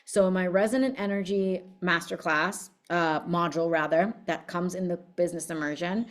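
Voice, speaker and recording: A woman's voice: lowish voice, steady tone, normal speed. A woman giving a casual motivational talk as a business coach, telling her story in a blunt, fiery, profane way. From United States.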